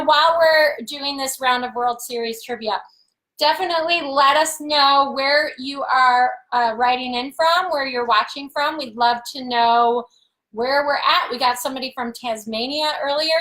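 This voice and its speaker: A bubbly woman in her thirties co-hosting a live chat show, her voice high and bright. She reads out viewer comments with easy, upbeat energy. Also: normal speed, poor audio. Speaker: co-host. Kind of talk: casual live-stream chat.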